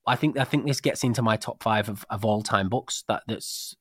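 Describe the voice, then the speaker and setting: A man co-hosting a casual book-discussion podcast, animated and often repeating words as he thinks. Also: lowish voice, moderate pace, husky, no room sound, studio quality. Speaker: podcast co-host.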